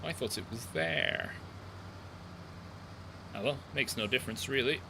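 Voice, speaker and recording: A man's voice: mid-range voice, unhurried, creaky, noisy background. A man chatting in rambling asides as he plays a game on a live stream. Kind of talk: live gameplay commentary.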